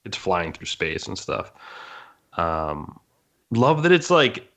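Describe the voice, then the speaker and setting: A man joins a casual podcast chat, talking eagerly and quickly. His voice sits a little low. He strings his thoughts together in loose, excited bursts.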